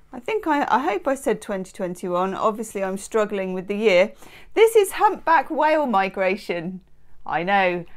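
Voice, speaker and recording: A woman's voice: medium pitch, a bit bright. A woman hosting a daily tarot channel, chatting casually and playfully and reading aloud from an almanac with self-deprecating asides. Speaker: tarot reader and channel host.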